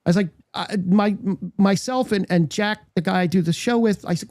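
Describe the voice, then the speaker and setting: Podcast co-host, male, raspy-gravelly voice, animated anecdote teller, dry close mic. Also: high-pitched, a little fast, no room sound. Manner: storytelling, acts out quotes, frequent restarts. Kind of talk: casual chat.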